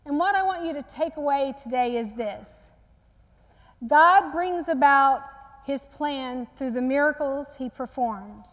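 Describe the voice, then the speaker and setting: Woman preacher, high voice, earnest storyteller, church sermon with long reverb. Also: measured pace. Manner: earnest storytelling, acts out quotes softly. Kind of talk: sermon retelling a Bible story. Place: church sanctuary.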